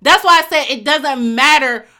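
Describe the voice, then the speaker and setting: A woman co-hosting a podcast in casual, animated chat, quick to argue and laugh. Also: high voice. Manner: animated, argumentative, laughs often. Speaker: podcast co-host.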